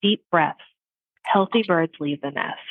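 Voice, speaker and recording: A middle-aged woman co-hosting a casual podcast chat, telling lively stories and laughing often. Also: sits low, unhurried, no echo, phone-quality sound. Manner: animated storyteller, laughs often. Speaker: podcast co-host.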